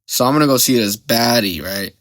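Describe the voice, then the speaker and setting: A man's voice: mid-range voice, a little fast, fairly bright tone, no room sound. A young man hosting a podcast, telling a story in a rambling, slang-heavy way and often getting sidetracked. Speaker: podcast host.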